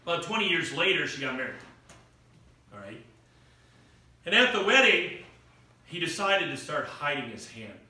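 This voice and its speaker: Middle-aged male preacher, bright and forceful, storytelling sermon, echoey hall, distant mic. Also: on the high side, sing-song, normal speed, long pauses. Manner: storytelling with acted quotes and rising emphasis. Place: church hall. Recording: echoey room picked up from far off.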